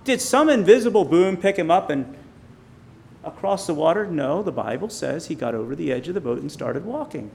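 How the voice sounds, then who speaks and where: A man preaching an informal sermon, building up loud on key phrases and dropping quiet on others. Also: a little high, expressive, creaky, slight background noise. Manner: emphatic, rising loud on key phrases, slowing on quiet points.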